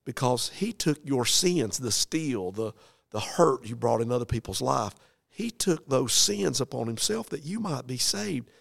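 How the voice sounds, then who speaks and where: A man's voice: mid-range voice, animated, unhurried, vocal fry, dry recording, clean studio sound. A middle-aged preacher, telling a story from his own life in an earnest, folksy way. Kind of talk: dramatic storytelling testimony.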